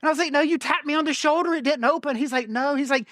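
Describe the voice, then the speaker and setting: High, bright-voiced animated male pastor. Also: quick pace, no echo, studio quality. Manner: animated storyteller, acts out his own panicked thoughts. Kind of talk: sermon with a humorous personal story. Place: church auditorium.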